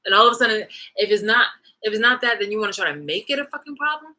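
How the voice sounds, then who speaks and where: A woman's voice: mid-range voice, lively intonation, fast, sharp tone, rough recording. A woman vlogging in a heated, profane monologue rant, restarting and repeating her phrases as she talks.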